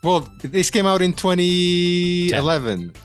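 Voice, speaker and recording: A man's voice: high voice, expressive, measured pace, clear, resonant tone, soft background music. A man chatting casually as a podcast guest, blunt and jokey, swearing freely. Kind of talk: casual chat.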